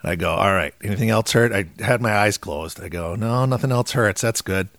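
A man's voice: on the low side, brisk, a bit bright, dry recording. A middle-aged man, a game warden, casually telling a story and acting out what people said. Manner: laid-back storyteller acting out quotes.

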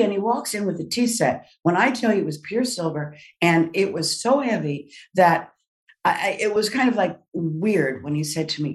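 Older woman telling an animated story, a bit distant. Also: mid-range voice, moderate pace. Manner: animated anecdote with laughs and quoted voices. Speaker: guest. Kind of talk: storytelling in a podcast interview.

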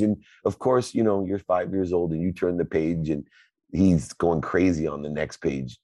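Low-voiced male motivational host, preacherly, dry close mic. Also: normal speed, mellow, no echo. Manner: emphatic, preacherly cadence. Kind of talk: motivational talk. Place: live audio chat room.

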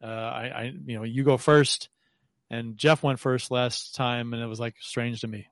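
A man's voice: medium pitch, fairly even intonation, normal speed, no room sound. A man co-hosting a casual podcast, teasing his co-hosts with plenty of restarts. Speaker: podcast co-host. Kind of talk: casual chat.

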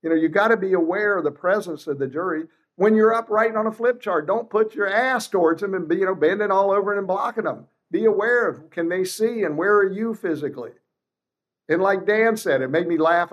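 A man's voice: high voice, a little fast. A man in his sixties, a trial lawyer guest, telling courtroom stories bluntly and acting out quotes. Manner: animated, blunt, salty, acts out courtroom quotes. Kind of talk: casual interview storytelling.

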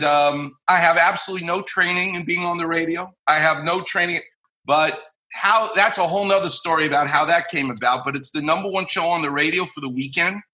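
A middle-aged man from New York, a surgeon guest on a podcast, telling lively anecdotes and acting out the people in them. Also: on the high side. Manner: animated anecdote-telling, acts out quoted voices. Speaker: guest, orthopedic surgeon and radio host. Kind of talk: podcast interview storytelling.

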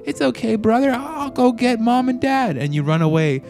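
A man's voice: extremely high pitch, moderate pace, vocal fry, music in the background. A man narrating a tabletop game as game master, playful and laughing as he spins vivid scenes.

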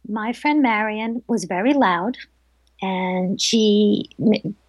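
A middle-aged woman, a medium being interviewed, who tells stories in a lively way and acts out the voices of the people in them. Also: mid-range voice, slow pace, breathy edge, dry recording, lo-fi sound. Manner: animated storyteller, acts out quoted voices. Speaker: psychic medium guest. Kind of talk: casual interview storytelling.

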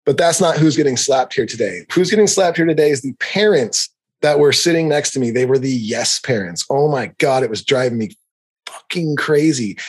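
A middle-aged man hosting a podcast, ranting in an animated, profane, heated way. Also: medium pitch, normal speed, breathy edge. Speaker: podcast host. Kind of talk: comedic rant.

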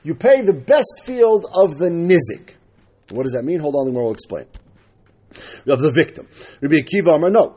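A man's voice: high voice, a little mellow, breathy edge. A man teaching a daily Talmud class, explaining step by step and asking and answering his own questions.

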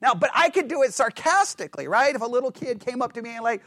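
A man's voice: very high voice, sing-song, fast talker, few pauses, a bit bright, dry recording, clean studio sound. A man teaching a Bible study class in a conversational, playful way, acting out sarcastic remarks and often checking "right?" with his listeners.

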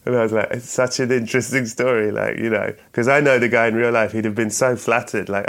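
A man's voice: mid-range voice, steady tone, fast, gravelly, hardly any pauses, a bit bright. A middle-aged man, a guest in an interview, talking in a rambling way with restarts and chuckles. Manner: rambling, self-correcting, chuckles often. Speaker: actor and writer guest. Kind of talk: relaxed interview chat.

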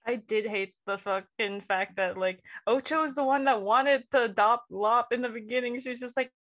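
A woman's voice: a little high, moderate pace, a bit bright. A woman on a casual review podcast, talking in an exasperated way and swearing.

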